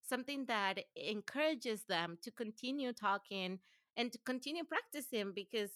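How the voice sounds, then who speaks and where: A woman from Venezuela, a native Spanish speaker, talking as a podcast guest in a relaxed, reflective way, with a Spanish-influenced English accent that carries a slight South African touch and many "like"s. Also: on the high side, normal speed, dry recording, studio quality. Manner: relaxed and reflective, says "like" often, laughs easily. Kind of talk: casual interview conversation.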